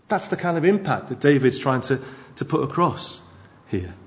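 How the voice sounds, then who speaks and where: In a church, a man of medium pitch preaches into a mic at normal speed. His delivery is forceful and animated, dotted with remarks aimed at the congregation.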